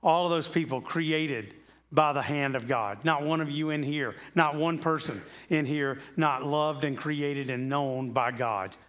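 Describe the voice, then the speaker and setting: Male pastor, fairly high voice, conversational sermon, rhetorical questions, loose and chatty. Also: a little slow, a bit bright. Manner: chatty, asks rhetorical questions, repeats himself. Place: church sanctuary.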